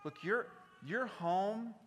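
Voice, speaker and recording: A man with a South Mississippi accent preaching a sermon, swinging between loud passion and hushed intensity. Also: high-pitched, slow, long reverb tail, soft background music. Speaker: pastor.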